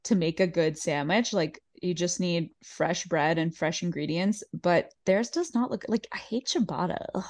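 Gossipy woman podcast co-host, lowish voice. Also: normal speed, hardly any pauses, no room sound, clean studio sound. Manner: gossipy, laughs often, acts out quotes. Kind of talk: casual recap chat.

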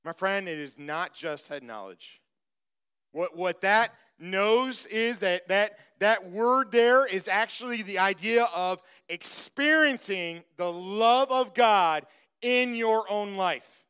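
A man's voice: high-pitched, takes it slowly, sharp tone, clear, resonant tone. A man preaching a sermon as pastor, emphatic, repeating phrases and speaking straight to the congregation.

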